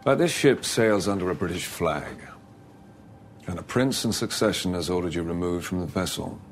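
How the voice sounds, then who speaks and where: Film drama: an officious ship captain with a deep, measured voice. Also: male voice, faint music behind. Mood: stern. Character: stern formal male ship captain.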